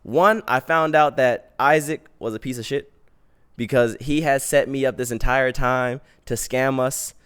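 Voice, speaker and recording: A man hosting a podcast, telling a personal story in an animated, slangy way. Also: mid-range voice, a little slow, smooth. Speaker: podcast host.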